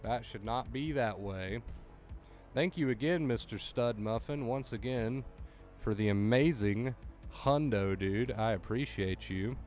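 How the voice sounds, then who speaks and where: Male streamer, casual chat with viewers, excitable and repetitive, mid pitch, faint music in background. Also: measured pace. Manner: excitable, talks to chat, repeats himself when flustered. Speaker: livestreamer.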